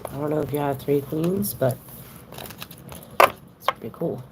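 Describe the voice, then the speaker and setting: A woman's voice: sits low, measured pace, noisy background. A woman giving a casual tarot reading on a livestream, chatting straight to her viewers with plenty of fillers.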